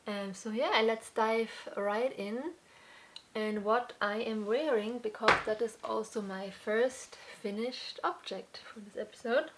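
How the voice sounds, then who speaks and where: A young adult woman hosting a casual crafts podcast, chatting in an unhurried way with many fillers and restarts, slightly out of breath at times. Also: on the high side, slight background noise. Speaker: podcast host. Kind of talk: casual chat.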